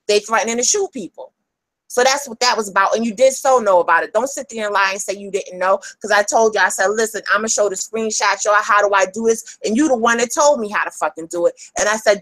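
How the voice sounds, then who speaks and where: Angry woman streamer calling out critics; heated and profane, mid-pitched, dry close mic. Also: no room sound, rough recording. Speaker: livestreamer addressing critics. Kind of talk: angry livestream rant.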